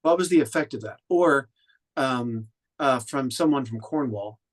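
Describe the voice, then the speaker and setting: A man's voice: mid-range voice, expressive, unhurried. A man from Oklahoma, an audiobook narrator and director, giving conversational feedback with frequent restarts. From Oklahoma, USA. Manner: thoughtful, with frequent restarts and fillers.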